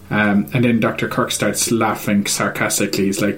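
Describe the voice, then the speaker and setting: A man's voice: lowish voice, flat delivery, normal speed, hardly any pauses, fairly bright tone, a little hiss or hum. A man in casual chat, retelling a video game's story in a hesitant, rambling way full of ums and uhs.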